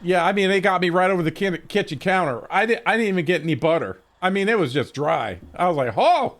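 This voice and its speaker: A man's voice: sits high, fast talker, fairly bright tone. A man streaming a game, telling a rambling story with frequent swearing and restarts, at his desk mic. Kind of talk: casual stream chat.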